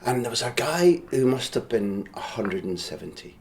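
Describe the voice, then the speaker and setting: A man hosting a podcast, chatting and reminiscing in a relaxed interview. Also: mid-range voice, normal speed, a little hiss or hum. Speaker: podcast host. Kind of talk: casual interview.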